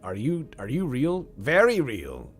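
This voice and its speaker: A man voicing a shady male arms-company salesman who insists his firm is real, with an overeager sales-pitch manner. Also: wildly swooping pitch, measured pace, soft background music. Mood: shifty, insistent.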